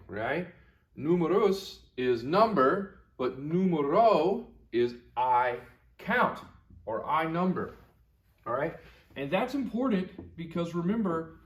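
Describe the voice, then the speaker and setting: A male teacher recording a video lesson for young students. His pitch rises and falls a lot as he explains, and he repeats each word slowly and patiently. His tone is encouraging and friendly toward the class. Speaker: Latin teacher.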